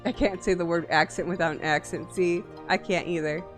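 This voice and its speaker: A woman's voice: fairly low pitch, fairly even intonation, a little fast, faint music behind. A woman streamer chatting casually and playfully with her chat, giggly and gushing, from a home streaming setup on a desk mic.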